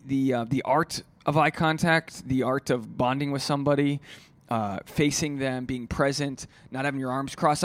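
A man's voice: mid-range voice, no echo. A man who is a stand-up comedian, talking alone on his podcast in a rambling, profane, casual way. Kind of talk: solo podcast monologue.

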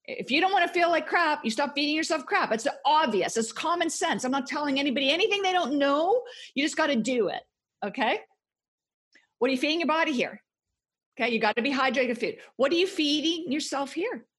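A woman's voice: high voice, animated, fairly quick, a bit bright. A woman guest author talking passionately and emphatically in a podcast interview. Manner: passionate, emphatic motivational talk.

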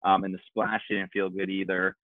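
A man's voice: sits low, flat delivery, moderate pace, dry recording, narrow, tinny audio. A man co-hosting a podcast, telling a rambling story and acting out what people said to him. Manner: rambling storyteller, acts out quotes. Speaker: podcast co-host. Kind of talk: casual chat.

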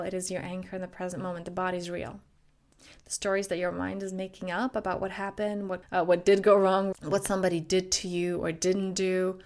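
Earnest woman coach, flowing monologue. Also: medium pitch. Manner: flowing, earnest, repetitive phrasing. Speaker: self-growth coach. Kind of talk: podcast monologue with guided breathing.

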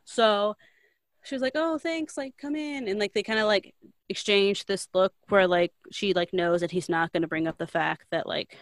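Young woman, co-host type, low-ish voice, dry close sound, loose chatty storyteller who leans on "like". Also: little pitch movement, moderate pace, no room sound. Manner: rambling, heavy use of "like", loose slangy asides. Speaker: podcast co-host recapping a book. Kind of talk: casual storytelling chat.

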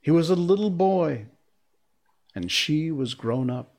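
A man reading a storybook aloud as narrator, measured and expressive. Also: on the high side.

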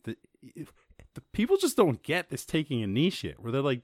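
A male podcast host riffs on the news in a loose, profane, animated way, often laughing at his own points. His voice sits at a middle pitch. It is recorded close up in a dry room with no echo. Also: brisk. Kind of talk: casual commentary podcast.

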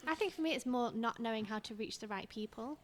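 A woman chatting candidly on a video call in a quick, open way. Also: fairly high pitch, slight background noise. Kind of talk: casual video call chat.

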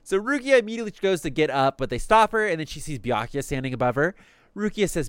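A man's voice: medium pitch, animated, fast, clear, resonant tone, dry recording, studio quality. A man casually recapping anime episodes on a podcast, cursing freely and slipping into the characters' lines. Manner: swears casually, acts out quotes in passing.

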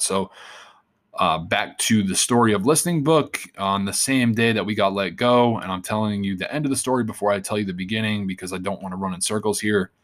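A man with a somewhat low voice tells a story from his own life as an interview guest. He talks casually and rambles, swearing freely. He turns animated as the story builds.

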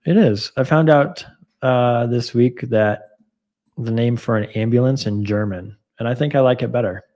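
An easygoing man hosting a podcast, joking along with his co-host while keeping the conversation moving. His voice is mellow and warm, never sharp. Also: medium pitch, moderate pace. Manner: easygoing, jokey, wraps up the show. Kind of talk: casual chat.

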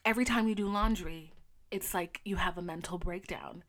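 A woman imitating her blunt, matter-of-fact mother, who nags her with emphatic, drawn-out insistence. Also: on the low side, fairly bright tone, close to an everyday voice. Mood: insistent.

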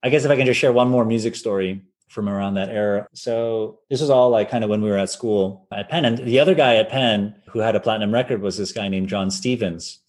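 A man in his forties, a violinist guest telling anecdotes in a loose, animated way, with lots of "like" and acted-out quotes. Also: fairly low pitch, a little fast, hardly any pauses. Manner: animated, acts out quoted voices, many fillers. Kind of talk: casual anecdotal storytelling.

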